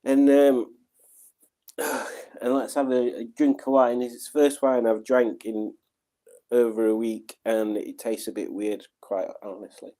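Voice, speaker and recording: A middle-aged man hosts a laid-back livestream from home. His voice is mellow and soft-edged, and he meanders through viewer messages with easy, self-mocking asides. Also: medium pitch, a little slow. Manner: relaxed, rambling, self-deprecating. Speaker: livestream host. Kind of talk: casual chat reading out viewer comments.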